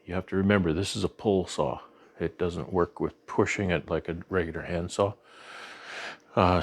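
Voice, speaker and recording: With a deep voice and a Canadian accent, this beekeeping vlogger talks through his show-and-tell in a relaxed, meandering style, often restarting and using fillers. The recording is dry.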